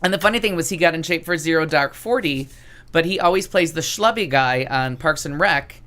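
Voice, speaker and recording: A woman's voice: sits low, expressive, brisk, a bit bright. A woman chatting on a podcast, telling rambling stories and presenting an entertainment news segment. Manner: rambling, chatty, self-interrupting. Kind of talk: casual podcast chat.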